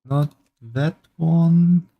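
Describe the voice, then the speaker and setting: A man's voice: a little high, very slow, gravelly, dull audio. A man streaming a game, chatting casually and reading quest text as he plays. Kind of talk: casual gameplay commentary.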